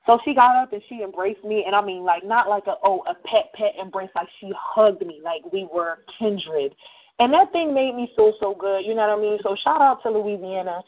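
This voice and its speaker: A woman's voice: mid-range voice, moderate pace. Casting: chatty radio host woman, slangy storyteller, thin phone-like audio. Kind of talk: casual monologue. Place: New Jersey.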